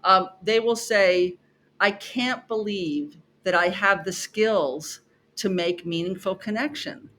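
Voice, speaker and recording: A middle-aged woman, a professor guesting on a podcast, telling stories about her classes in an expressive way, acting out her students and repeating herself for emphasis. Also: mid-range voice, slow. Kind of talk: animated conversational storytelling.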